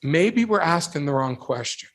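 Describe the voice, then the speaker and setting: A man giving a devotional talk to young people, telling animated anecdotes and asking rhetorical questions. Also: fairly high pitch, moderate pace. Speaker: religious speaker addressing youth.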